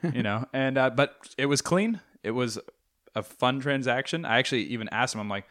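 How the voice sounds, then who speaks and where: A man's voice: medium pitch, brisk. A young man co-hosting a casual podcast, telling long rambling stories with lots of fillers. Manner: rambling, animated storytelling with fillers. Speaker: podcast co-host. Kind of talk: casual chat.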